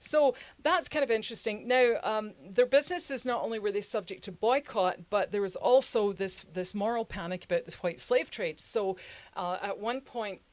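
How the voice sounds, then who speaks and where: A woman's voice: medium pitch, moderate pace, no echo. A woman co-hosting a history podcast, talking casually with laughing asides and many fillers. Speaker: podcast co-host.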